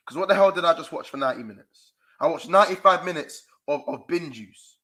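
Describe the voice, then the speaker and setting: A man's voice: on the high side, fast, sharp tone, low-quality recording. A young man with a London accent, ranting furiously to camera as a fan-channel presenter, swearing and full of street slang. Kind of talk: angry fan rant to camera. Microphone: camera mic.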